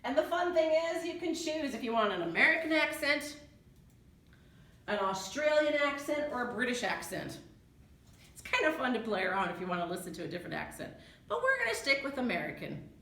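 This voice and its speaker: A woman's voice: sits high, very animated, a little fast, pushed and bright. A woman librarian giving a chatty screen-share tutorial, thinking aloud as she clicks through a research tool. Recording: echoey room.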